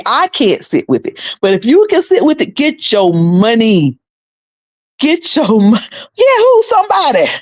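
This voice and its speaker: A woman's voice: on the high side, no room sound. A woman hosting a livestream, talking in a colloquial, preachy way and laughing often. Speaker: livestream host. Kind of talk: casual livestream commentary.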